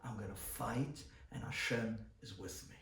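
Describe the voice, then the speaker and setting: Rabbi telling a story in a sermon, acts out the dialogue, mic kinda far off, roomy echo. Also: male voice, medium pitch, fairly even intonation, measured pace, creaky, slight background noise. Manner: dramatic storyteller who acts out dialogue and builds to shouting. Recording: roomy hall miked from a distance.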